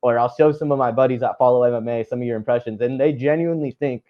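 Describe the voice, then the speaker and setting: A man's voice: mid-range voice, quick pace, narrow, tinny audio. A man hosting an interview, asking long rambling questions. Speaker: podcast host. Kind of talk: casual interview.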